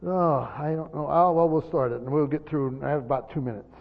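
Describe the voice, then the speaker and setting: Speaking fairly quickly with fairly even intonation and some vocal fry, a pastor with a fairly high voice teaches scripture to a gathered class. He punches key words, then goes quiet, swinging between loud and soft. The sound is dull, lo-fi and full of long hall reverb.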